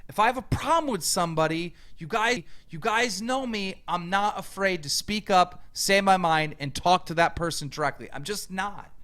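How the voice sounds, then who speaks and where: A man's voice: sits high, normal speed, few pauses, fairly bright tone. A man ranting angrily and profanely, mocking the person he answers. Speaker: YouTube commentator. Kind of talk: heated rant.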